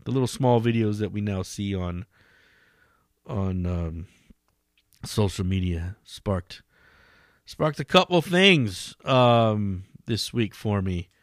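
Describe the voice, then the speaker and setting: A man hosting his own podcast, rambling and swearing with excitable energy in a casual solo monologue. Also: on the low side, slow pace, pauses often, no room sound, clean studio sound. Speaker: podcast host.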